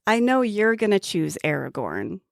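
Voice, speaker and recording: A woman's voice: mid-range voice, big pitch swings, moderate pace, vocal fry, dry recording, clean studio sound. A woman co-hosting a podcast in casual chat, playful and enthusiastic, laughing often. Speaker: podcast co-host.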